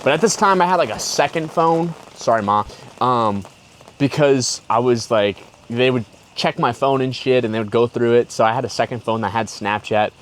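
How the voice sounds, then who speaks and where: A man's voice: mid-range voice, normal speed, low-quality recording. A young man telling a personal story in a slangy, rambling way, full of "like" and "bro". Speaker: podcast host. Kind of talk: casual storytelling. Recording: loud rain noise behind the voice. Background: heavy rain.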